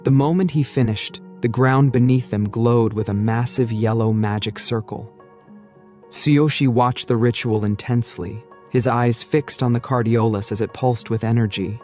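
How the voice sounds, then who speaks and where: A man's voice: medium pitch, measured pace, warm tone, faint music behind. Man narrating a playful comic recap. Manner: playful, jokey storytelling.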